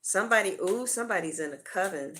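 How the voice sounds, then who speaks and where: Blunt, bright-voiced woman reading tarot. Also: medium pitch, animated, quick pace, a little hiss or hum. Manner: blunt and profane. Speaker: tarot reader.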